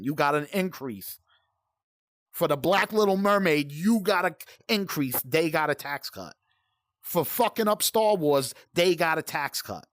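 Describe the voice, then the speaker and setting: A man's voice: fairly high pitch, no echo, clean studio sound. A middle-aged man from Brooklyn, New York, hosting a gaming channel and ranting heatedly in profane, rambling commentary over gameplay.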